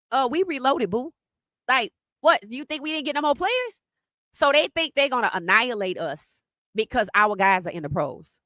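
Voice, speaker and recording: A woman hosts a live sports podcast stream. Her voice is bright and forceful. She sounds animated and teasing, and the recording is dry and close. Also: mid-range voice, no echo. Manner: animated, teasing, greets chat viewers by name.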